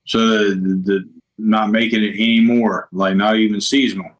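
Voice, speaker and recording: A man's voice: on the low side, level tone, moderate pace. A man chatting casually on a livestream, adding short, laid-back remarks. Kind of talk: casual chat.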